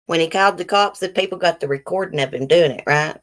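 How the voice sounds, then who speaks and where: Low-voiced Southern woman chatting bluntly. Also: fast talker. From American South. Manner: blunt, frank, swears. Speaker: YouTube live stream host. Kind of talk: casual chat reading live comments.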